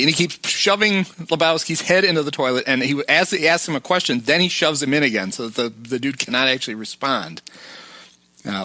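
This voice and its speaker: A man co-hosting a casual film podcast who walks through the plot scene by scene. His voice is bright and forward, and it was recorded close in a dry, dead-sounding room. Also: mid-range voice, brisk, no room sound. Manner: recaps the plot and acts out quotes. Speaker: podcast co-host.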